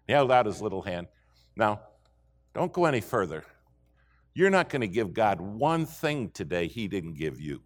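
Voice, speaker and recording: Animated folksy preacher, man. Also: fairly low pitch, moderate pace. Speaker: pastor. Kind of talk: sermon.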